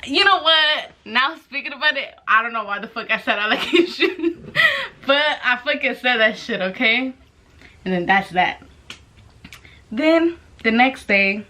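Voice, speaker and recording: A woman's voice: fairly high pitch, bright, forceful tone, a little hiss or hum. A young woman casually telling a storytime vlog, brash and profane, laughing as she goes. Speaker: vlogger.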